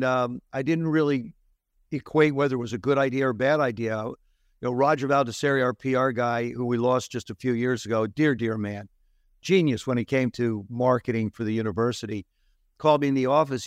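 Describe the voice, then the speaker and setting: An older man from New Jersey, a former quarterback telling animated anecdotes as an interview guest. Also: medium pitch, fairly quick, dry recording, clean studio sound. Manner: animated anecdotes with laughs and restarts. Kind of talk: storytelling interview.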